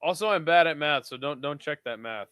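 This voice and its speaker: A man's voice: a little high, brisk, fairly bright tone, clean tone, dry recording, clean studio sound. A tired young man hosting a live watch-along stream, calling the action casually and swearing freely between plays. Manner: laid-back, swears freely, drifts between play-calling and chat.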